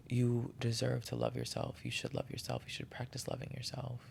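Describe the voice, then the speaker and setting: A man's voice: medium pitch, vocal fry, a little mellow, a little hiss or hum. A man hosting a solo podcast, talking in an earnest, heartfelt and encouraging way, often restarting his sentences. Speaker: podcast host. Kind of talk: reflective solo podcast monologue.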